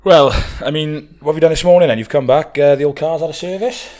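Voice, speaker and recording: A man's voice: fairly high pitch, fast, a little mellow. A man co-hosting a podcast in casual chat, laddish, swearing freely and laughing often. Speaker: podcast co-host.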